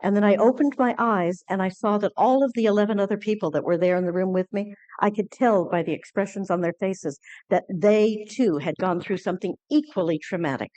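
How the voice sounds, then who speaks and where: An earnest woman lecturer recounts a personal experience to a conference audience. She speaks at an average pitch, often halting and restarting her sentences. The sound is dry and close. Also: a little mellow, no room sound.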